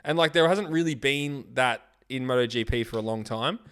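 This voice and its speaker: Upbeat Australian man, mid-pitched. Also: normal speed, fairly bright tone, clear, resonant tone. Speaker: podcast co-host. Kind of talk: casual podcast chat.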